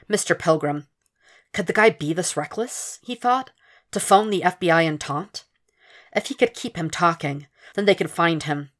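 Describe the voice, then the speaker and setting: A woman narrating a fan fiction audiobook in a steady, measured reading. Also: low voice. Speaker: podfic reader.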